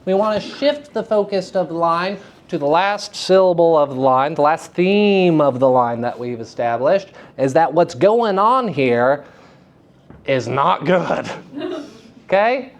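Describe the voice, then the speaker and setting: A woman lecturing students on acting. She is lively and theatrical, laughs often and asks them questions. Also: fairly low pitch, unhurried, lo-fi sound. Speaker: acting teacher giving a lecture. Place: school theater festival session.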